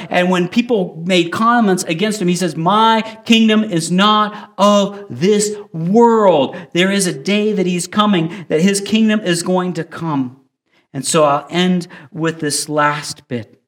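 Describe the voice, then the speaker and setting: A man preaching a sermon, his voice pitched a little higher than most men's. He reads scripture slowly and with deliberate emphasis, the way a pastor talks to an online congregation. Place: recorded for online viewers.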